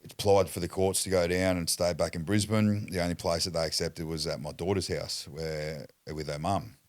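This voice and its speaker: A man's voice: low-pitched, fairly even intonation, moderate pace, no echo. An Australian man telling a story as a podcast guest, blunt and foul-mouthed in casual chat. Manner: blunt, heavy swearing, acts out quotes.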